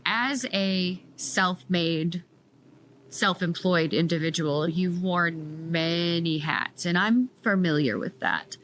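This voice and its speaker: A woman hosts a podcast interview in a somewhat low voice. She talks in a calm, measured way and takes her time over each question. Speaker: podcast host.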